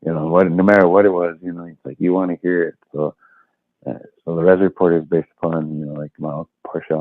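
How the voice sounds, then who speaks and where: A man's voice: low-pitched, dry recording. A man speaking as a guest in a casual interview, easygoing and rambling, with plenty of fillers. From Leech Lake, Minnesota. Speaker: guest comedian. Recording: tinny phone-like call line.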